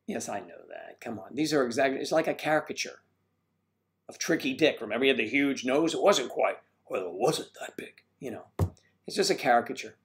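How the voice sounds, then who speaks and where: Brief: older male host, mid-pitched, jokey and rambling, reads chat, clears his throat. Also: lively intonation, fairly quick. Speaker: host of a livestream. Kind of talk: casual live chat reading viewer comments.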